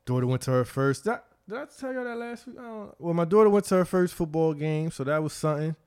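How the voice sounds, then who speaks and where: Man, middle-aged, podcast host, lively swooping voice, a bit high, profane casual chat. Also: quick pace, clean tone. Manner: animated, profane storytelling with frequent laughs.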